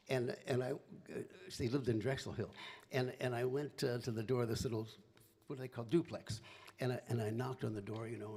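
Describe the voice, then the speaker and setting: A man's voice: medium pitch, a little mellow, slightly rough. A man in his seventies from Philadelphia, a singer-songwriter telling a rambling, chatty family story between songs, with laughing asides. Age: 70s.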